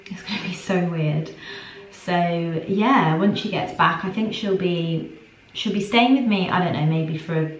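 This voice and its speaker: A young woman chatting casually in a weekly vlog, rambling with lots of "like", sometimes mumbling softly while she eats. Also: on the low side, measured pace, reverberant, soft background music, rough recording. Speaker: vlogger.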